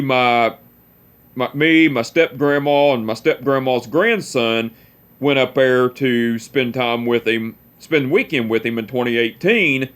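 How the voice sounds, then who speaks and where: A man's voice: mid-range voice, fairly bright tone, smooth. A young man tells family stories in a casual, profane way, often laughing at them. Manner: laid-back, profane, laughing at his own stories.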